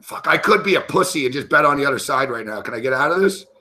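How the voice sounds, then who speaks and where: A man's voice: mid-range voice, lively intonation, quick pace, sharp tone. A man hosting a sports betting show, talking to himself with profanity and rambling agitation as he places live bets. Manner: talks to himself while placing bets.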